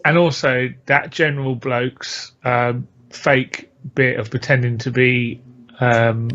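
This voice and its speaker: A man's voice: medium pitch, flat delivery, slow pace, pushed and bright, highs cut off, a little hiss or hum. A man co-hosting a podcast in casual chat, giving blunt, dismissive opinions. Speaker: podcast co-host.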